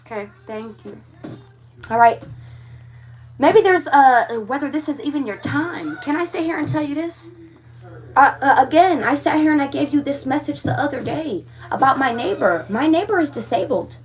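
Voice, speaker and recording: A woman's voice: sits high, animated, normal speed, distant mic. A woman giving a live tarot reading, talking frankly and with animation straight to her viewers. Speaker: tarot reader.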